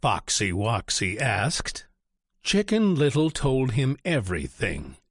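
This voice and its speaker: A man narrates a storybook in a slow, measured way. His voice is mid-pitched and strongly sing-song, rising and falling a great deal. The sound is close-miked and completely dry. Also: dry recording. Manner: expressive, deliberate. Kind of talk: storybook read-aloud narration.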